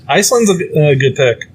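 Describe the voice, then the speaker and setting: A man's voice: fairly high pitch, a little hiss or hum. A man co-hosting a podcast in casual chat, joking and teasing his guests and laughing often. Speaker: podcast co-host.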